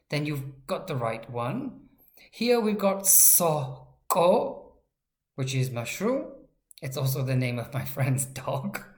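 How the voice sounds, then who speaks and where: A British woman teaching pronunciation and handwriting, speaking carefully and sounding out each syllable. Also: deep voice. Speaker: language teacher. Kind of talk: slow instructional tutorial.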